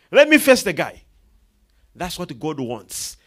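A man preaching a sermon, swinging between hushed asides and loud emphatic declarations, acting out the people in his stories. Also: fairly high pitch, wildly swooping pitch, slow pace. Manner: quotes and acts out characters in the story, laughing.

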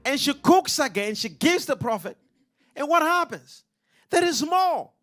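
A man's voice: extremely high pitch, big pitch swings, a little slow, fairly bright tone, faint music behind. A man preaching a sermon, emphatic and rhythmic, throwing questions out to his congregation.

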